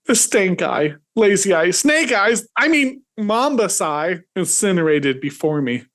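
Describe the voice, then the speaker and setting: A man's voice: very animated, a little slow, fairly bright tone. A man, host and author, reading his satirical short story aloud with dramatic swings. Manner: dramatic, swings into high pitch at comic peaks.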